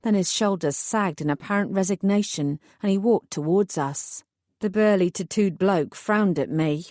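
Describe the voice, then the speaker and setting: Here a female audiobook narrator delivers first-person material with a measured, wry manner. Her pitch is middling and her tone darkish, recorded close and dry without any echo or room sound.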